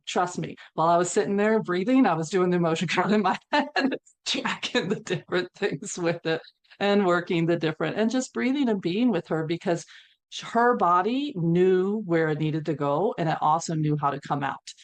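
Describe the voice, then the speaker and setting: Low-voiced woman telling a healing story. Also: moderate pace. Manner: animated storyteller, acts out quotes, laughs between lines. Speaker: panelist, equine-assisted healer. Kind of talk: storytelling on a panel.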